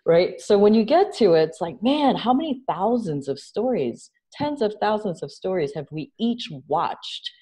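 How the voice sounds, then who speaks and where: A woman from New York City speaking as an interview guest, animated and conversational, often checking in with "right?". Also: mid-range voice, moderate pace, hardly any pauses, husky. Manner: animated, acts out quoted dialogue, frequent "right?". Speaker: interview guest, nonprofit founder.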